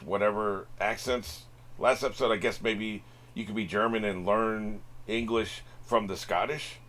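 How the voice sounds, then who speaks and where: Low-voiced man hosting a reaction video. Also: fairly bright tone. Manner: rambling, many fillers and restarts. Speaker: reaction channel host. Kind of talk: casual direct-to-camera chat.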